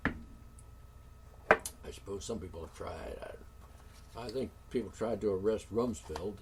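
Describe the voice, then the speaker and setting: A man's voice: on the low side, takes it slowly, far from the mic, heavy background noise. A man hosting a solo talk show, ranting indignantly with curses, sighs and sarcastic asides. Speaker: show host.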